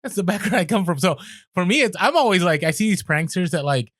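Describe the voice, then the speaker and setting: A man co-hosting a podcast, chatting in an animated, emphatic way with many fillers. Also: sits high, fast talker, no room sound, studio quality. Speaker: podcast co-host. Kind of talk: casual chat.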